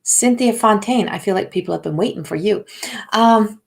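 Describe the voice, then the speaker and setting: A woman's voice: medium pitch, moderate pace, vocal fry. Older lady doing live spiritual card readings, rambly, lots of ums and likes, keeps saying people's names. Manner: rambling, filler-heavy, addresses viewers by name. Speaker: intuitive card reader.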